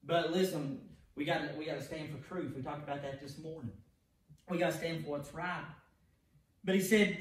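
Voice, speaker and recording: Steady in tone and at normal speed, a pastor with a slightly high voice preaches emphatically at an evening service, repeating words and restarting phrases often. The distant recording of the sanctuary is echoey with slight background noise.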